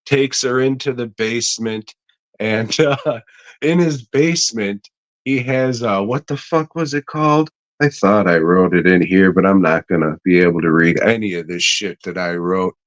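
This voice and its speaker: Slow, profane man recapping a movie. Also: on the low side. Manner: profane, laughing, slow rambling retelling. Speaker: podcast co-host.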